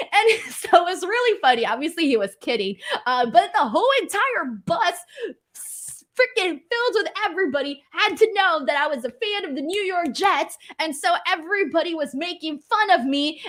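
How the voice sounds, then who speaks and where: A woman's voice: high-pitched, a bit bright. Chatty, self-mocking young woman host. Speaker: wrestling show host reading super chats. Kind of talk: casual livestream chat.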